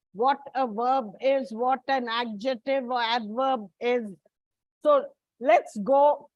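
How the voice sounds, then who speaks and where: Woman, teacher, high voice, dry sound, unhurried explaining. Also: dry recording, highs cut off. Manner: slow, explaining step by step. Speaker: English teacher. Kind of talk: classroom lecture.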